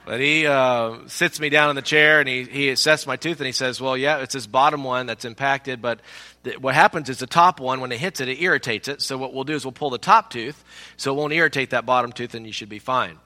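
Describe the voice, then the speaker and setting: A man preaching a sermon as pastor, telling a personal story in an animated way and acting out the people in it. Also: mid-range voice, fairly quick. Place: church sanctuary. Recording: long reverb of a large hall.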